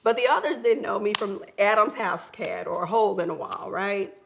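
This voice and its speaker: Female guest, reflective storyteller, middle pitch. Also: moderate pace, gravelly, fairly bright tone, slight background noise. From Memphis, Tennessee. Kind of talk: interview.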